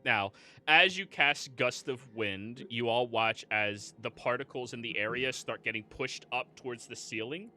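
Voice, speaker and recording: A man's voice: mid-range voice, unhurried, bright, forceful tone. A man running a tabletop game as game master, narrating scenes and joking with players. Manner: laughs often, casual and joking.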